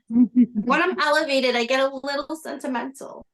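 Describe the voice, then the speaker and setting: A woman on a video call, her voice a bit high. She speaks heartfelt thanks with a sentimental tone, close to tears. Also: measured pace. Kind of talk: casual chat.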